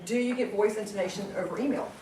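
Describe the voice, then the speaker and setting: A woman leading a live sales training class, energetic and constantly quizzing her audience. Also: medium pitch, quick pace, a little hiss or hum. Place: meeting room with a group. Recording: echoey room, distant mic.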